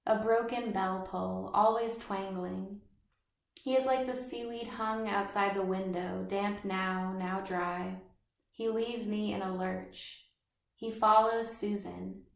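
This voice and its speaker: A woman reading the part of a precise, orderly, serious schoolboy in measured literary narration. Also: medium pitch, vocal fry, echoey room.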